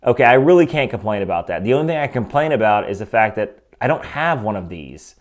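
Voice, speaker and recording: A man's voice: lowish voice, big pitch swings, fast. Male host of a watch review channel, casual and opinionated, speaks into a desk microphone. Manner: opinionated, conversational, frequent asides.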